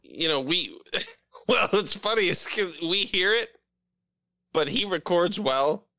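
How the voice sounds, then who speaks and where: A man's voice: sits high, lively intonation, slow, pushed and bright, no echo. A man joking and swearing in casual podcast banter with friends, often mocking their voices.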